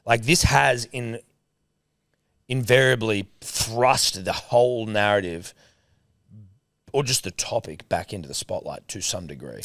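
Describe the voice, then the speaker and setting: A man's voice: fairly low pitch, lively intonation, measured pace, creaky, long pauses, fairly bright tone, no echo, clean studio sound. A man with an Australian accent co-hosting a casual sports podcast, swearing freely and acting out quotes as he tells stories. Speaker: podcast co-host.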